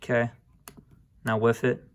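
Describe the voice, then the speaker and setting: A young man talks through a software tutorial in an easygoing, informal way. His voice sits in a middle register and stays fairly flat and even. He drops in casual asides and quick apologies as he clicks around. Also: mid-range voice, noisy background. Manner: laid-back, addresses viewers as guys, apologizes for slips. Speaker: music production tutorial host. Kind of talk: casual screen-recorded tutorial.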